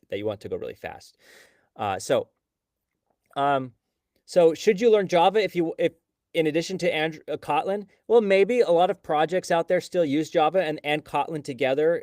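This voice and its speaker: A man's voice: mid-range voice, a little mellow, dry recording, clean studio sound. A man hosting a live stream, greeting viewers by name and casually explaining mobile app development. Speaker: livestream host and coding instructor.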